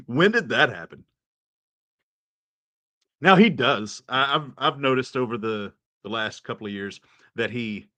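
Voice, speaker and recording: A man's voice: lowish voice, a bit bright, dry recording. A man hosting a commentary show, asking probing questions about a clip he is reacting to. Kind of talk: casual commentary on a played clip.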